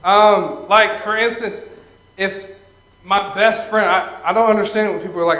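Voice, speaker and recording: On stage at a live venue, a young man performs a stand-up set, telling stories, tagging lines with "okay?" and laughing at his own jokes. His voice is high, pushed and bright, with a steady tone and moderate pace, and the live room is echoey.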